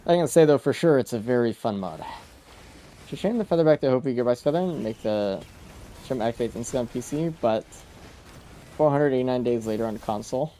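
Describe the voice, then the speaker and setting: A man's voice: medium pitch, brisk, dark tone. A man streaming a game live, chatting casually with viewers in a laid-back, rambling way, trailing off with fillers. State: sleepy, yawning. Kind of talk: casual live-stream commentary while playing.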